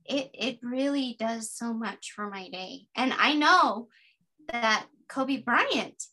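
A woman in her fifties, a podcast guest, sharing a personal practice in an earnest, gently guiding way. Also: fairly high pitch, expressive. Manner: earnest, gently guiding, slow deliberate affirmations.

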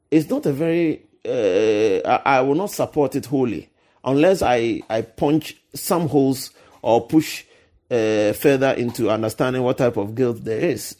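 A man speaking earnestly about faith in an easy, conversational way. He often stops and restarts as he searches for the right words, with a voice at an ordinary middle pitch. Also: warm tone. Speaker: guest speaker. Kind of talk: conversational Christian teaching.

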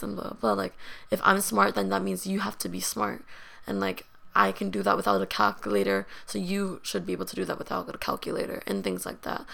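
A woman's voice: mid-range voice, big pitch swings, brisk, vocal fry, fairly bright tone. A young woman hosting a podcast, telling a personal story in a candid, rambling way, full of "like" and fillers. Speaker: podcast host.

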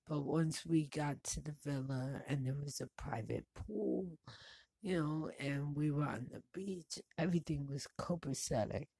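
Gravelly low-voiced woman, slow and blunt. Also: warm tone, no echo. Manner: blunt, profane, laughs between stories. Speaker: vlogger. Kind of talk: casual personal monologue.

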